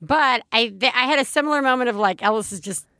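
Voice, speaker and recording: A woman's voice: on the high side, fast talker, pushed and bright, clean tone, no room sound, studio quality. A woman in her thirties co-hosting a parenting podcast, rambling and laughing through casual chat. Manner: rambling, lots of fillers and restarts, laughs easily. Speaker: podcast co-host.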